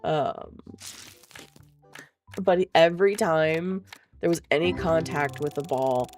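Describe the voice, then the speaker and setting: A woman's voice: low voice, takes it slowly, pauses often, darkish tone, soft background music. A woman chatting casually, telling a story with frequent swearing and laughter. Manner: chatty, profane, laughs often. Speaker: vlogger.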